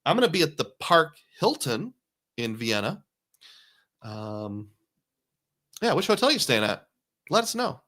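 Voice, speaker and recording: A man's voice: fairly high pitch, sing-song, measured pace, pauses often, sharp tone. A man hosting a casual live stream, rambling as he reads viewer comments aloud and jokes along with them.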